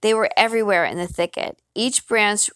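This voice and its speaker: A woman's voice: medium pitch, fairly quick, clear, resonant tone, dry recording. Woman reading a children's novel aloud. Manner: steady storytelling with small slips and restarts. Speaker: reader.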